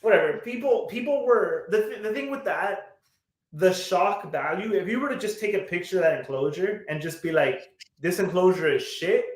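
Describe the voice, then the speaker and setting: A man's voice: sits high, reverberant. A man co-hosting a podcast in casual chat, blunt and swearing often, with lots of fillers and restarts. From United States. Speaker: podcast co-host.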